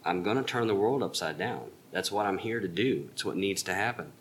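A man's voice: sits low, expressive, fairly quick, slight background noise. A man teaching an evening Bible class, explaining earnestly and emphatically with rhetorical questions.

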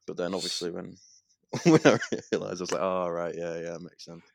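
Deep-voiced young man telling a story. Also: brisk, creaky, slight background noise. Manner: animated storytelling, swearing and laughing. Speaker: podcast co-host. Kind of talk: casual podcast chat.

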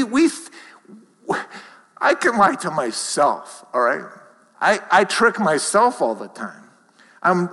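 Bright-voiced pastor preaching in a hall. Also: male voice, medium pitch. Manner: conversational, self-deprecating, rhetorical questions. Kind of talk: sermon. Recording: reverberant hall.

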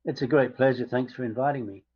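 A man as a podcast interview guest, telling his story in a measured way with frequent pauses. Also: medium pitch, steady tone, slightly rough. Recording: slightly dull lo-fi audio.

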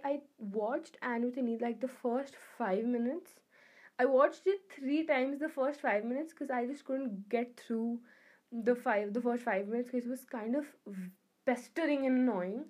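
Brief: young adult woman, slightly high voice, rambling and effusive vlogger chat. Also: moderate pace, darkish tone. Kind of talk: casual chat to camera.

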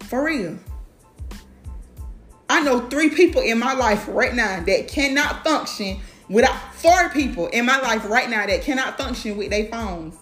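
A woman speaks in a blunt, profane, animated monologue, her voice sitting a little high. The sound is roomy, with light echo around her and faint music underneath. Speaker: mother talking to camera. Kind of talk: casual monologue.

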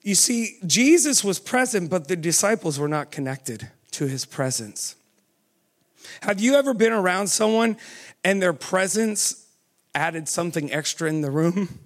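High-voiced preacher man. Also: animated. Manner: asks the audience many questions, urging with "come on"; pace swings from quick to slow and drawn out. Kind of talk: sermon.

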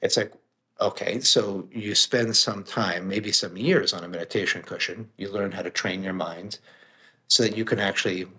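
A man's voice: on the low side, moderate pace, bright, forceful tone. A middle-aged man, a guest author and meditation teacher, talking emphatically and plainly in casual conversation, sometimes swearing for emphasis.

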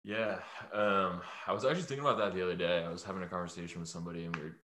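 Super low voiced young dude, laid back, rambly, says like a lot, on a video call. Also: male voice, fairly even intonation, very fast, a bit bright. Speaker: guest. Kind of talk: casual podcast chat.

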